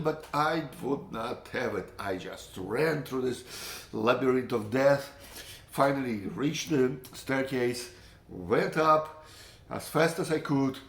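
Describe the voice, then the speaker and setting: A man telling a personal story to his audience in an animated, emphatic way, repeating words and swearing. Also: on the high side. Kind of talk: personal anecdote told to an audience. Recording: roomy echo.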